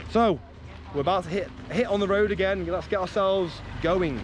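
A man's voice: sits high, normal speed, noisy background. A young man vlogging outdoors in a rural hill village, chatty and friendly, asking lots of curious questions. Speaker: travel vlogger. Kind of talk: casual travel vlog chat.

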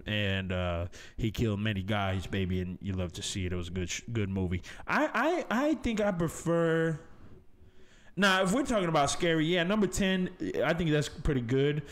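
A man hosting a casual podcast, talking in a laid-back, loose way. He swears freely and keeps calling people baby and man, in a voice of ordinary pitch for a man. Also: big pitch swings, normal speed. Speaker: podcast host. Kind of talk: casual chat.

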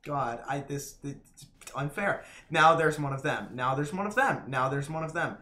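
A man's voice: fairly high pitch, normal speed, pushed and bright. A man streaming a hard game live, swearing and laughing, his voice cracking. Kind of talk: live gameplay commentary.

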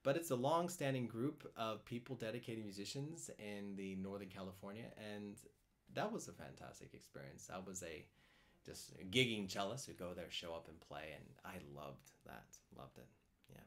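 Rambling, animated man answering viewer questions. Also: lowish voice, moderate pace. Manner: rambling, repeats words, reads out comments and greets viewers. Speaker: cello teacher hosting a live stream. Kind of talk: casual live-stream chat answering viewer questions. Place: home in France.

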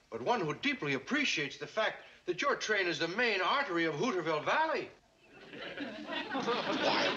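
An actor playing a polished city lawyer who talks persuasively to settle a dispute, on a dull old TV soundtrack. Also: male voice, high-pitched, pushed and bright, full character voice. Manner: smooth, persuasive speechmaking.

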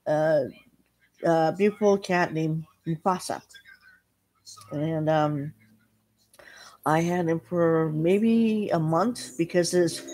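A middle-aged woman chatting casually to her viewers, telling a halting, rambling story full of restarts. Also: low-pitched, a little mellow. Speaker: vlogger. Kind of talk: casual chat.

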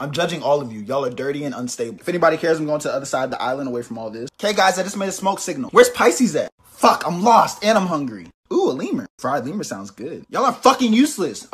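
Fast husky voice doing a whole cast of bickering characters in a comedy skit, swearing a lot, jumping all over in pitch. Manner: rapid, brash, profane banter with jumps in pitch and loudness. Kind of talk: comedy skit, one performer voicing many characters.

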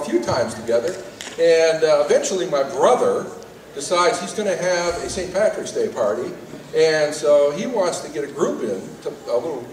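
A man, a saxophone player, telling an animated tribute story at a live awards event with many fillers. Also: a little high. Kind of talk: storytelling speech. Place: live music event stage. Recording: roomy hall from far off.

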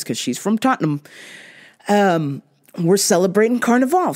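Profane ranting woman, lively pitch. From half Jamaican. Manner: profane, blunt, animated ranting with laughs. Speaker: podcast host. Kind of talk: casual ranting monologue.

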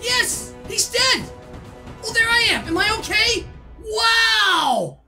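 A woman hosting a let's play, reacting with excited yelps and exclamations to a shooter game. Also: extremely high pitch, takes it slowly. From Canada. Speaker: gaming channel host. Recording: loud game music and gunfire behind.

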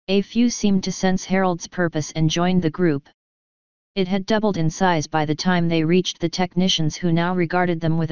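Brief: woman story reader, smooth and low, dry slightly dull recording. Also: a little mellow, dry recording. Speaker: fanfiction reader. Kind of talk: narrated story reading.

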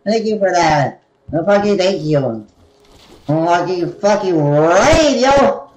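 A man's voice: high-pitched, expressive, slow. Profane screaming game streamer, man. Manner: loud, profane, erratic screaming and laughing. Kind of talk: live streaming commentary. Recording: roomy, noisy stream audio.

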